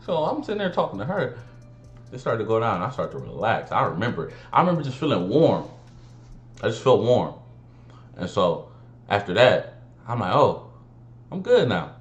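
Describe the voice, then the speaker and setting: A young man with an animated, slangy storytelling manner. He swears freely and acts out the dialogue. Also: lowish voice, moderate pace, pauses often, muffled recording. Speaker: vlogger. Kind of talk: casual storytime monologue. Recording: roomy room, faint music behind.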